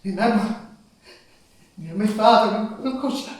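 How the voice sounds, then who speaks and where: An older man plays a gentle, remorseful, dying father in an amateur stage drama. He speaks softly and haltingly, with a wistful tone. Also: high-pitched. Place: stage in a large hall. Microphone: far camera microphone. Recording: echoey hall from far off.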